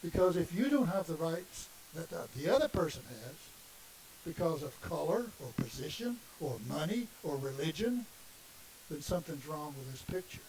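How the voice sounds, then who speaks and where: Man, minister, emphatic sermon, high-pitched, distant mic, light hiss. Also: very animated, moderate pace, darkish tone. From Southern United States. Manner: impassioned, emphatic, rhetorical questions. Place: congregation meeting room.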